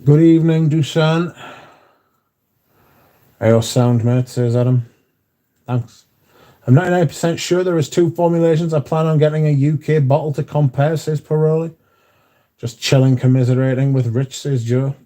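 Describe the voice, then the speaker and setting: A man's voice: on the high side, fairly even intonation, moderate pace, long pauses, mellow. A man hosting a casual livestream, chatting and reading out viewer comments, swearing freely. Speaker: livestream host reading chat. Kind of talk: casual chat.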